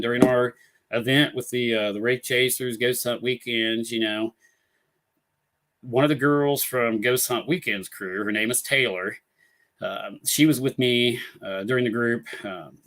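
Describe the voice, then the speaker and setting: A man's voice: fairly low pitch, a bit bright. A man hosting a paranormal talk show live, telling a story in a rambling casual way full of fillers and restarts, over a computer mic. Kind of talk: casual live-stream chat. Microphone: computer mic on a live stream.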